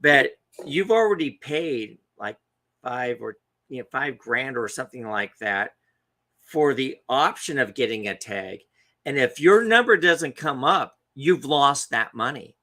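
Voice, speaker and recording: A man co-hosting a podcast, telling a story in a casual, animated way and acting out the quotes. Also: mid-range voice, unhurried. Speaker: podcast co-host.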